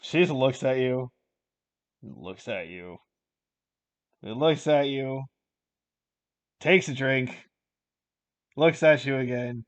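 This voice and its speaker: A relaxed man running a tabletop game, calling for dice checks and narrating at an easy pace. He thinks aloud as he goes, in a plain everyday voice. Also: medium pitch, slow pace, long pauses. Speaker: game master.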